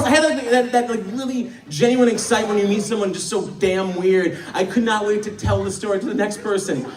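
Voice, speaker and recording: A young man from the American Midwest doing a stand-up comedy set, telling stories animatedly and building to shouted punchlines. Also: high-pitched, recorded from a distance, background noise. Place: theater stage with a laughing audience. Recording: echoey hall recorded from afar.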